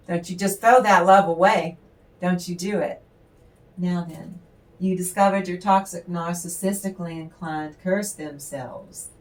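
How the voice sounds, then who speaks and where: A woman giving a casual spiritual tarot reading, rambling and affectionate, stopping now and then to clear her throat. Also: lowish voice. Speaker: tarot reader.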